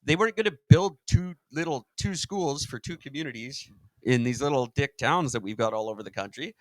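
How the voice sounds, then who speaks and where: A man's voice: mid-range voice, brisk, no echo, poor audio. A man hosting a casual podcast chat, rambling and jokey.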